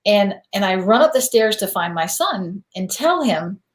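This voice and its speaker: A woman host speaks in a candid, reflective and self-deprecating way, with a voice of ordinary pitch. Her voice carries a noticeable echo from the room. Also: sing-song, moderate pace. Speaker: podcast host. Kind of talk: casual conversational interview.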